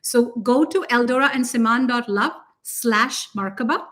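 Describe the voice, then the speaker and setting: A woman with a fairly high voice talks in an excited, gushing way, laughing often as she co-hosts a casual spiritual chat. Her energy runs high, and her voice sometimes drifts a little farther from the mic. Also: normal speed. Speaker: spiritual teacher and co-host.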